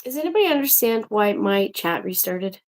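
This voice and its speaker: A woman's voice: medium pitch, very animated, fairly quick. Chatty woman ranting on a livestream. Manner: chatty, rambling, exasperated asides to viewers. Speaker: livestream host. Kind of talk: casual livestream chat.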